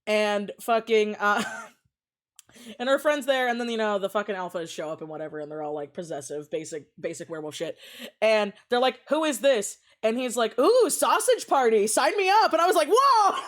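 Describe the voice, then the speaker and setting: A woman streamer chatting casually, acting out her own reactions as she tells stories, swearing freely and laughing often. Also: medium pitch. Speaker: streamer host. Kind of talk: casual chat over a voice call.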